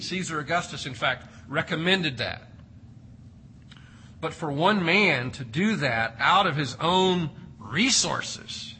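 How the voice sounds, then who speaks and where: A man's voice: fairly high pitch, sharp tone, a little hiss or hum, poor audio. A man preaching an expository sermon, reading scripture and explaining it with emphatic, varied delivery. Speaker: pastor.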